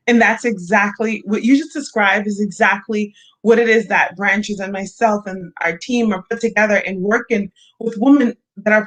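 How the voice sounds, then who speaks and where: A woman's voice: medium pitch, rough recording. A woman life coach being interviewed on a podcast, speaking in an earnest, encouraging way. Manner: earnest and encouraging, with short affirmations.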